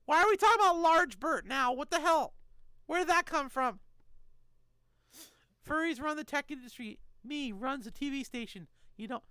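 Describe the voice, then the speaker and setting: High bright-voiced woman streamer. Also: moderate pace, dry recording. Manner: animated, jokey, answers chat messages. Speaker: streamer reading chat. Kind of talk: casual live-stream chat.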